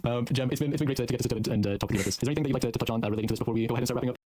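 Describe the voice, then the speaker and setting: Fast, rambling man hosting an interview. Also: medium pitch, noisy background. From Ireland. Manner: rambling, stumbling restarts. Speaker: interview host. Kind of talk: casual chat over a call.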